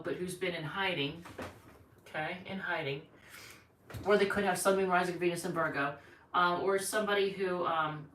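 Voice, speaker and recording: A woman's voice: fairly low pitch, a bit bright, recorded from a distance. Woman, tarot reader, live stream, rambling and chatty, thinking aloud, echoey room, faint background noise.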